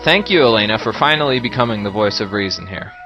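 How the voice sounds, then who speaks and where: A man's voice: on the low side, fast talker, dull audio, music in the background. A man giving casual, joking commentary over a video game, talking to his viewers. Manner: joking, lively, talks to the viewers. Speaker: let's play commentator.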